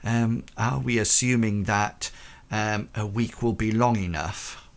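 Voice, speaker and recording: A man's voice: fairly low pitch, fairly even intonation, creaky. A man playing a stern aristocratic widow in a tabletop game, speaking formally with frequent hesitations. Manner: formal, halting, with many ums.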